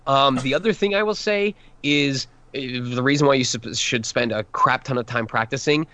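A man's voice: medium pitch, normal speed, sharp tone. A man voice actor giving advice in a podcast interview, earnest and emphatic, restarting his sentences often. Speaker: voice actor guest.

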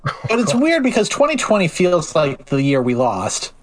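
A man's voice: on the high side, huge pitch swings, normal speed, crowd noise. A man in casual chat as a podcast co-host, dry and matter-of-fact.

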